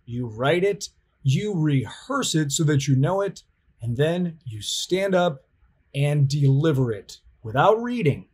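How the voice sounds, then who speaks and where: A middle-aged man, a college professor, giving a recorded lecture in an emphatic, deliberate teaching manner. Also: fairly high pitch, husky.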